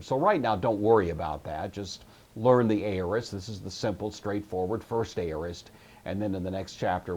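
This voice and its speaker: Low husky man teaching a lesson. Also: a little mellow. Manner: patient, methodical explaining with occasional fillers. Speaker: Greek teacher. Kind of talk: recorded classroom lecture.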